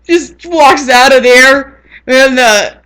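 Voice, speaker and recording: A woman's voice: high voice, slow, fairly bright tone, clear, resonant tone. A woman rambling in casual chat on her vlog, laughing often. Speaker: vlogger.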